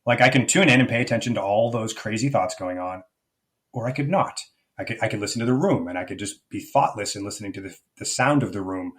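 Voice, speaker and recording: A man's voice: fairly low pitch, fast, a bit bright. A middle-aged man speaking as a life coach guest in an interview, thoughtful and searching, often restarting his sentences. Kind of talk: reflective conversational interview.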